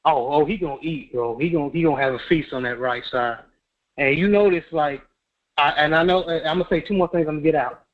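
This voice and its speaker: A male caller rambles through casual football talk in a loose, slangy way. His voice sits somewhat high, and it reaches us over a thin, tinny phone line. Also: fast talker. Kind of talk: casual sports chat.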